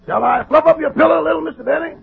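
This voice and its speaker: A man's voice: very fast, heavily acted. An actor playing a wisecracking male valet who tends his sick boss, in 1940s radio comedy style. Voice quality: high, gravelly voice. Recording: dull, noisy old radio broadcast.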